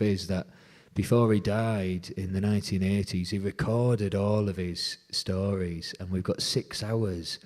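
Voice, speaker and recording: A folk musician being interviewed, retelling a story with lively quoted dialogue. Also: male voice, deep voice.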